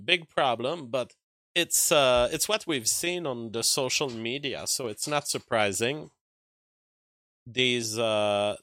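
Man, French accent, livestream host, argues with chat, slow halting speech, bright voice. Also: medium pitch, no echo. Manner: argumentative, talks back to chat, many fillers and restarts. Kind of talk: casual livestream commentary.

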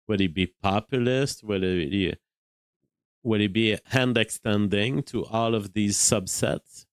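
A Quebec-accented man, French by birth, hosts a live stream in a measured, thinking-aloud style, often restarting his sentences. His voice sits a little low and sounds smooth and clear. It is recorded close and dry, with no room sound. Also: no room sound. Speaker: livestream host. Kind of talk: live-stream commentary, reading super chats.

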